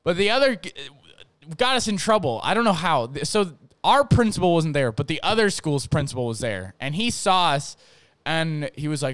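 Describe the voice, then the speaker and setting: A man's voice: a little high, animated, normal speed, a bit bright, clean tone, dry recording. A young man from North Dakota, rambling through a profane, casual story on his own show, full of fillers and restarts. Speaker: podcast host.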